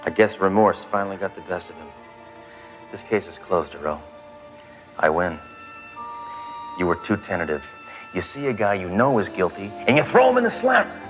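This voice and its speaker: A blunt macho cop, deep but bright voice, big swings in pitch. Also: male voice, normal speed, pauses often, faint music behind. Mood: deadpan. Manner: blunt, deadpan, bursts of shouting. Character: brash trigger-happy male cop. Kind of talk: 1980s TV comedy acting.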